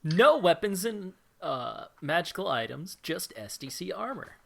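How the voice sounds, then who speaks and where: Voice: medium pitch, sing-song, unhurried, creaky. A player in a tabletop game who reacts with incredulity and swears freely. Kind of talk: casual tabletop game play.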